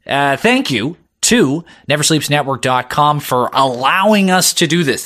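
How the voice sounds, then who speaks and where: A man's voice: a little high, a bit bright. An upbeat man opens a comedy podcast with an earnest introduction. His voice sits a little above the usual for a man. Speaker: podcast host.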